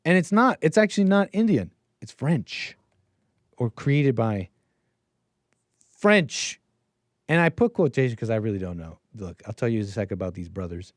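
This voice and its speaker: A man's voice: mid-range voice, animated, fast, hardly any pauses, no echo. Rambling man talking to himself on a dry mic. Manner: rambling, stop-start, thinking aloud with muttered asides. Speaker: call-in show host. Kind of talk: solo commentary monologue.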